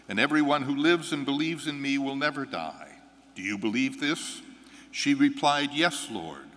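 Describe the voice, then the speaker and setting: A man serving as priest, reading the gospel and preaching a homily with a measured, earnest delivery. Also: mid-range voice, bright, forceful tone. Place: church. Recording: long church reverb.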